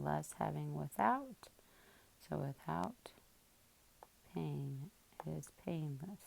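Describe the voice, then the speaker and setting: Slow, gravelly woman teaching spelling. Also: on the low side, warm tone. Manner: slow, patient, sounds words out part by part. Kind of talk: spelling lesson, reading out word parts.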